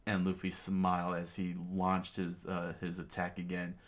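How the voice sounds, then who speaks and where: A man reading a comic aloud in a casual way, halting with restarts and fillers. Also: deep voice, completely flat delivery. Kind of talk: casual comic read-along.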